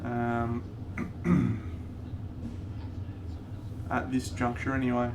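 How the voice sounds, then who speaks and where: A man's voice: mid-range voice, monotone, very slow, vocal fry, background noise. A man chatting casually on a live stream, greeting viewers one by one as he works on a model. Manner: greets chat viewers while painting a model, laid-back.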